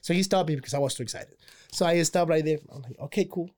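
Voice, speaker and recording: A man, excitedly telling a story in casual chat, repeating words and restarting. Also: fairly high pitch, fast. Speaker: pedicab driver telling a story.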